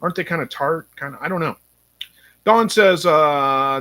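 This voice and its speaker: A fairly high-voiced man hosts a relaxed live stream. He reads viewer comments aloud and muses on them in a chatty, rambling way, pausing often with ums as he thinks. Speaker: livestream host reading chat. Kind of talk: casual live-stream chat.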